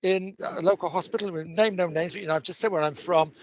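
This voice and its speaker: Man, somewhat high pitch, probing, rambling, panel talk. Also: fairly even intonation, fast talker, a crowd in the background. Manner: probing, full of questions, rambling. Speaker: patient representative panelist.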